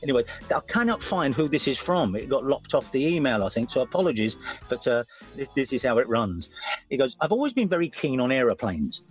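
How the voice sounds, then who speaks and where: A man's voice: medium pitch, very animated, fairly quick, faint music behind. A man hosting a radio show, chatting in a jokey, rambling, self-mocking way from the studio. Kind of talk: casual radio chat.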